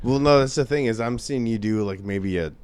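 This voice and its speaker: A man's voice: mid-range voice, brisk, a little mellow, clear, resonant tone. A young man from the upper Midwest co-hosting a podcast, giving dry, teasing short replies. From upper Midwest of the United States. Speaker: podcast co-host. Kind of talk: casual comedic chat.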